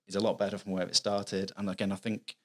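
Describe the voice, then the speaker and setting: This children's author from Manchester talks fast in a low, level voice with a slightly bright tone and a Mancunian accent. Appearing as a guest on a casual podcast interview, he's chatty and earnest, going on at length and restarting as he explains.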